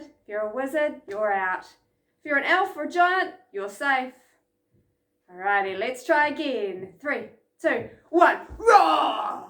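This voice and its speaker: Lively high-voiced New woman, kids' instructor, echoey room. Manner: energetic, chanting and calling out game sounds. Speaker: children's program instructor. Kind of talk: lively kids' lesson from home.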